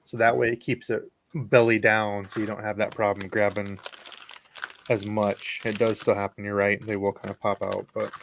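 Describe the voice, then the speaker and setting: A man's voice: lowish voice, level tone, normal speed, vocal fry, fairly bright tone, a little hiss or hum. A man hosting a live fishing stream, explaining gear and joking in casual chat.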